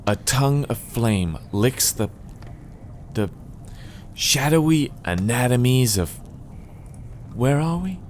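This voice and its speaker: A man reading game dialogue as a rambling, flustered cave writer who talks in high, excited bursts and keeps restarting his sentences. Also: moderate pace, slight background noise, natural voice. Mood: eager. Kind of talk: voice acting a game's dialogue.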